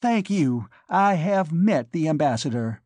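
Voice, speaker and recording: A man voicing a proud, indignant young woman who speaks in clipped, sharp lines. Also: fairly high pitch, expressive, moderate pace, dry recording, pitched above the performer's own voice.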